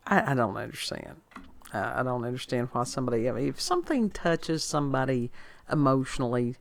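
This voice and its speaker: A woman's voice: a bass voice, lively intonation, normal speed, vocal fry, long pauses. A woman hosting a casual podcast chat, folksy and rambling, often repeating words. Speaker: podcast host.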